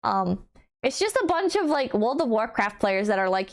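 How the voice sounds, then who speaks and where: Blunt, wry woman streamer, voice on the high side. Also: big pitch swings, normal speed. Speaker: streamer reading chat. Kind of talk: casual livestream chat.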